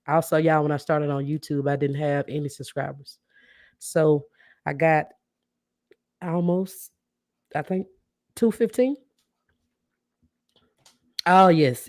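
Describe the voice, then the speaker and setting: A woman's voice: low voice, no room sound. Chatty woman podcast host, dry sound. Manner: chatty, keeps addressing viewers as y'all; warm and grateful, reacts to comments. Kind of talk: casual livestream chat with viewers.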